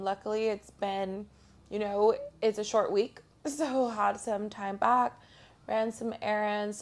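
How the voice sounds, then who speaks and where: A woman's voice: medium pitch, vocal fry. A woman co-hosting a podcast, chatting casually and upbeat, a little congested, laughing easily between fillers. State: slightly congested. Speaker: podcast co-host. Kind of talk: casual chat.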